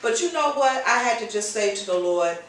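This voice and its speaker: A woman's voice: on the high side, lively intonation, fairly quick. A woman hosting her own show, giving an informal preaching talk with passionate, repetitive exhortation. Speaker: host. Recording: very echoey, voice distant from mic.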